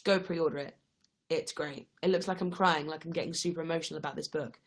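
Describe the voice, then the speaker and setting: Her low, steady voice moves fast as this young woman answers viewer questions on a casual livestream. She stays friendly and chatty despite being tired and yawning.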